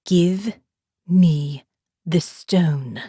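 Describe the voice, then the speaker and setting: A woman's voice: extremely slow, slightly rough, no echo, studio quality, full character voice. Woman voicing a cold, menacing heroine. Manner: low, calm, threatening.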